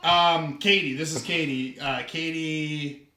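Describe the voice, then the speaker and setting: Man, comedy podcast co-host, playful, giggly, rambling, bright voice, echoey room. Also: a little high, fairly even intonation, slow. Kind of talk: improvised comedic storytelling. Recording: roomy echo, faint hiss.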